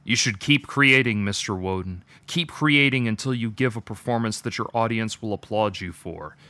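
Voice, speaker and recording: A man's voice: lowish voice, normal speed, sharp tone, no echo. A man voicing a stern talking tree that lectures an artist with disapproval. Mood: instructive.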